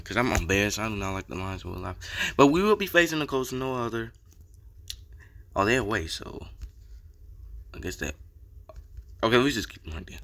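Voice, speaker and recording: A young man giving casual commentary over his football video game, slangy and excitable, repeating chants and getting hyped on big plays. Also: lowish voice. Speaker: gaming YouTuber. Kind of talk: gameplay commentary.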